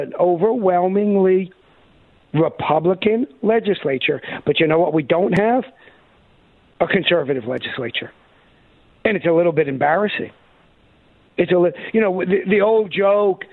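A man's voice: high-pitched, no room sound. A man co-hosting a talk radio show, delivering an emphatic, sarcastic political monologue. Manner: emphatic, sarcastic, animated quoting. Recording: thin phone-like radio audio.

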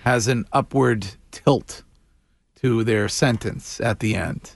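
A man hosts a morning radio show in a gravelly voice with plenty of fry. He talks in a wry, drawn-out way. The sound is close and completely dry, with no room around it. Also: mid-range voice, no echo. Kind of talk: casual radio chat.

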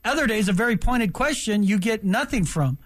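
On sports talk radio, a man in his fifties with an unusually high voice chats at normal speed into a studio mic. He's emphatic, opinionated and full of animated energy.

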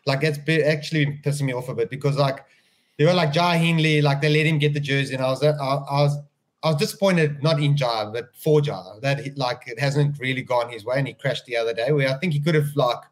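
A man's voice: mid-range voice, fairly even intonation, brisk. A man chatting on a sports podcast, rambling and restarting his sentences. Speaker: podcast co-host. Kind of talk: casual podcast chat.

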